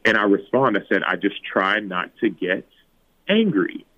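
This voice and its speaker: A man in his thirties, a former football player, tells personal stories in an interview, acting out quoted lines in a higher voice. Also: fairly even intonation, moderate pace. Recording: tinny phone-like remote line.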